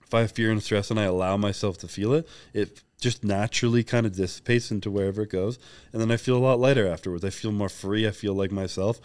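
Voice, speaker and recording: A young man speaking candidly as a podcast guest, reflective and open, sometimes reenacting conversations in quick bursts. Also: lowish voice, steady tone, darkish tone, clean tone.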